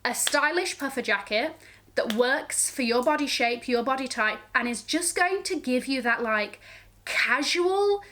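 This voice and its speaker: A woman's voice: high voice, animated, normal speed, fairly bright tone, a little hiss or hum. A woman vlogging about fashion, sassy and gushing, full of slang and frequent "okay?" check-ins. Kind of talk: casual to-camera fashion chat.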